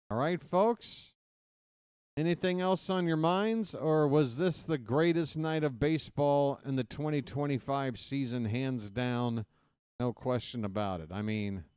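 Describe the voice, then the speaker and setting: Guy hosting a ballgame stream, chatting with the folks after the game, smooth clear voice. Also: medium pitch, darkish tone, no echo, studio quality. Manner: chatty, talks straight to viewers as "folks". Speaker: play-by-play host. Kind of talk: casual post-game livestream chat.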